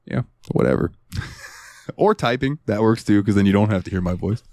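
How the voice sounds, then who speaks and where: Deep-voiced man ranting on a podcast. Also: expressive, normal speed, a little mellow, dry recording, studio quality. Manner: rambling, profane storytelling with bursts of exaggerated high-pitched outrage. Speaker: podcast host. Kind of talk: casual podcast chat.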